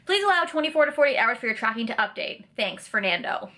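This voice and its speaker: A woman's voice: on the high side, sing-song, fast talker, sharp tone. A young woman from Canada ranting in a vlog, blunt and sarcastic, with plenty of swearing. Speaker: vlogger.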